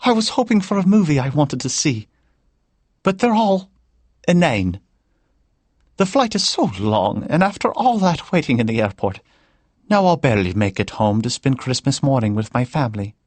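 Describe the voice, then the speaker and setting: A man's voice: mid-range voice, big pitch swings, moderate pace, a little mellow, no room sound, pitched above the performer's own voice. A man reading an audiobook and voicing a chatty older Irish grandmother with a lilting, friendly way of talking. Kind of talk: audiobook character voice.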